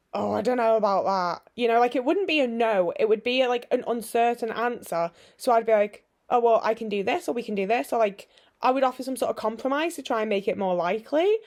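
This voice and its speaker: A woman in her twenties telling a personal story to camera in a candid, sweary, rambling way full of fillers. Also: fairly high pitch. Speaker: vlogger.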